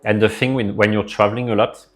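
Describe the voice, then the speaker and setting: A man's voice: on the low side, steady tone, fast talker, soft background music. A man with a French accent, live streaming and chatting casually with his viewers, rambling as he answers their messages aloud.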